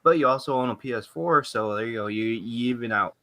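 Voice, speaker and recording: A man's voice: medium pitch, a little fast, a bit bright, no echo. A young man co-hosting a gaming podcast in casual chat, asking blunt questions and swearing. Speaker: podcast co-host.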